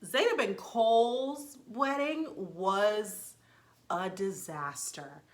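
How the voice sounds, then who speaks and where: A woman hosting her own channel, giving a chatty, expressive spoken review with lots of casual fillers and vivid reactions. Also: mid-range voice, extremely slow. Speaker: TV show reviewer, channel host.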